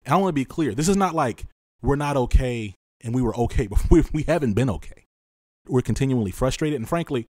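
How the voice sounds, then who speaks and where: A man's voice: mid-range voice, no echo. Impassioned weary man, dry close mic. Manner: impassioned, repeats points for emphasis; swings from loud emphasis to quiet, weary drops. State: exhausted and frustrated. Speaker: podcast host. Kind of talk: solo podcast monologue.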